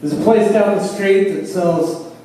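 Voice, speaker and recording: A man's voice: high voice, measured pace, background noise. A man doing a laid-back stand-up set on a club stage, swearing casually as he talks. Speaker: stand-up comedian. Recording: echoey club from far off.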